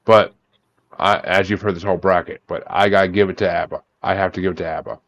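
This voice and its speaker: Steady in tone yet fast-talking, this host has a low, slightly bright voice as he leads a casual music podcast's bracket chat over an online call. He calls on each guest by name, swearing freely.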